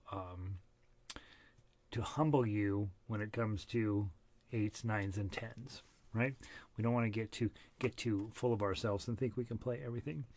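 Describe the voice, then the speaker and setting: Breathless chatty harmonica teacher, man. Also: fairly low pitch. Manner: chatty and self-deprecating, with fillers and laughs. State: short of breath. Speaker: harmonica ensemble leader. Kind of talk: casual online group lesson.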